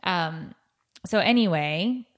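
A woman's voice: on the low side, expressive, slow. A middle-aged woman hosting a podcast, telling stories in a rambling, casual way with many restarts. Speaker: podcast host. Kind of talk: casual chat.

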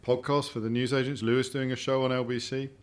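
A man's voice: medium pitch, flat delivery, fast. Chatty man telling stories. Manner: storytelling, repeats words when thinking. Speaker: guest. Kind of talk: casual dinner-table chat. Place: home dining room.

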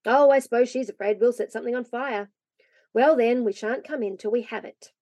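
A steady, practical older brother, as a woman reads him, calm and matter-of-fact. The sound is dry and close. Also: a little high, a little fast, dry recording, lightly acted.

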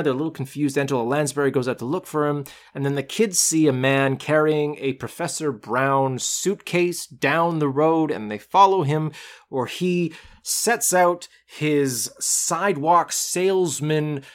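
A man co-hosting a podcast, casually recapping a film in an animated way and acting out lines from it. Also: a little high, unhurried. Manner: animated recapping, acts out quotes. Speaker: podcast co-host.

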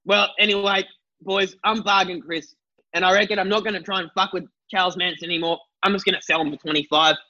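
A man playing an excitable pawn shop owner in an improvised comedy sketch. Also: high voice, quick pace, full character voice. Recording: dull lo-fi audio.

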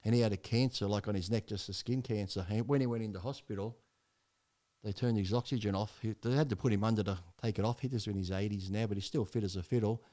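A man's voice: fairly low pitch, fast talker, warm tone. A man, a podcast guest telling his story in a blunt, rambling way with heavy swearing.

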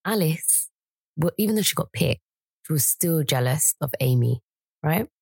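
A young woman co-hosting a casual chat podcast, retelling a story in a husky voice. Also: low-pitched, animated, normal speed, darkish tone, dry recording. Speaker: podcast co-host.

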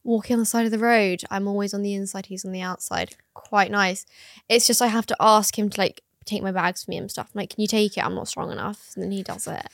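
Young woman chatting on a podcast, says like a lot, mid pitch, dead dry room. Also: steady tone, fast talker, no room sound. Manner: chatty, filler-heavy, lots of "like". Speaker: podcast co-host. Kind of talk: casual chat.

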